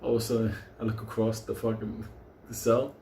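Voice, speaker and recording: A man's voice: fairly low pitch, flat delivery, a little fast, mellow, a little hiss or hum. A man, hosting a livestream and telling a story in casual, profane talk, laughing often as he goes. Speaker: stock livestream host. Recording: roomy echo.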